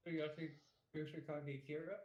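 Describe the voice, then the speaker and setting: A man's voice: a little high, steady tone, quick pace, darkish tone, muffled recording. A man chatting casually on a live stream, hesitant and hedging as he makes his point. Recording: echoey room.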